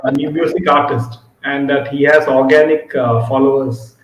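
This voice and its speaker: A man's voice: medium pitch, steady tone, normal speed, roomy sound, slight background noise, low-quality recording. A man joining as a guest in a casual discussion, asking doubtful questions in a hesitant way.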